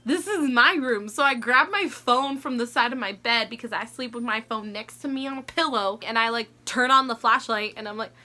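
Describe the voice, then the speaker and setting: A woman in her twenties telling a story to camera in a casual, animated way, laughing often and filling her talk with "like.". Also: fairly high pitch, moderate pace, hardly any pauses. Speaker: vlogger.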